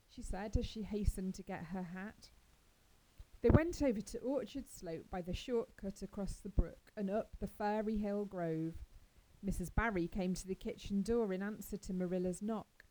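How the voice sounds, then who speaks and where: A woman narrating a classic story in a measured, expressive storytelling manner. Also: mid-range voice, low-quality recording. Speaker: audiobook narrator. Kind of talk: scripted narration.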